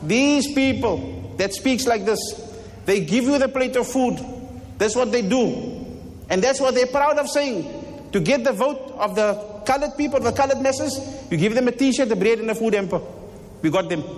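A man's voice: extremely high pitch, long reverb tail. A man giving a fervent sermon as imam, repeating lines and firing rhetorical questions. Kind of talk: impassioned sermon. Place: mosque hall.

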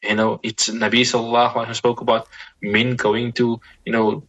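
A man, speaking as a Muslim scholar guest in a reflective conversation, measured and repeating words as he thinks. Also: mid-range voice, monotone, fairly bright tone, highs cut off.

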